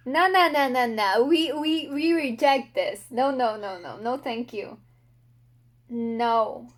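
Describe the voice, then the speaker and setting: A woman's voice: fairly high pitch, slow. A young woman book vlogger reacting aloud while reading, emotional and exclaiming, talking to the characters.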